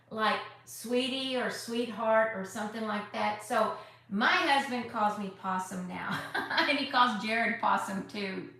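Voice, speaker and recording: A woman's voice: fairly high pitch, sharp tone. A woman hosting a live crafting tutorial, chatty and effusive as she greets viewers by name. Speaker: craft livestream host. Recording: very echoey room.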